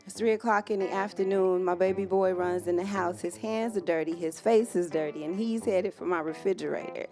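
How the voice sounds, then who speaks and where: Rhythmic woman poet over soft guitar. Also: on the low side, fairly even intonation, a little fast, few pauses. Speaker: spoken word poet. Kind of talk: live spoken word poetry. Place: community music venue, live performance. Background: guitar playing.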